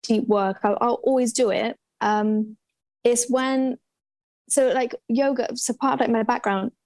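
A young woman in casual conversation, telling a personal story with lively quoted voices. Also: on the high side, unhurried, no echo. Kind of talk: casual chat.

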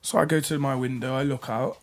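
A man's voice: mid-range voice, fairly even intonation, a little fast. A young man telling a story in casual chat, swearing a lot and acting out both sides of the conversation.

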